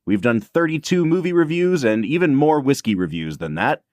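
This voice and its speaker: Animated male podcast host. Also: medium pitch, normal speed, dry recording. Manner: upbeat, explains things to listeners. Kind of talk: casual podcast chat.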